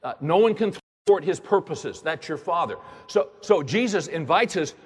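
Husky pastor preaching in a reverberant hall. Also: male voice, a little high, expressive, normal speed. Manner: emphatic, repeats words, fires rhetorical questions. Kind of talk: sermon. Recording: long reverb of a large hall.

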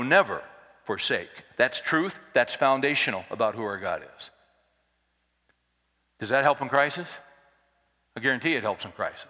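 A man preaching a sermon, swinging from loud urgent preaching to quiet storytelling. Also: medium pitch. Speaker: pastor. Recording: long hall reverb.

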